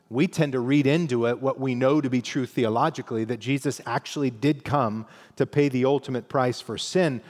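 A man's voice: medium pitch, steady tone, normal speed, a little mellow, in a large hall. A man preaching a sermon as pastor, teaching in a conversational way and reading scripture aloud with emphasis.

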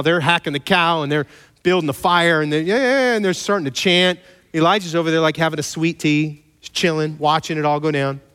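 A man preaches, retelling scripture with animated storytelling, joking asides and quick mock voices. His voice sits fairly high, and a long hall reverb trails behind his words. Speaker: pastor. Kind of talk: sermon.

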